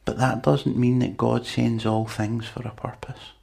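A man's voice: mid-range voice, little pitch movement, measured pace, vocal fry, a little mellow. A man preaching a sermon in a chatty, conversational way, with asides to the congregation.

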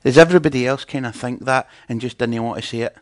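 A man's voice: medium pitch, quick pace, no room sound. A man preaching in a conversational teaching style, chatting and putting questions to his audience.

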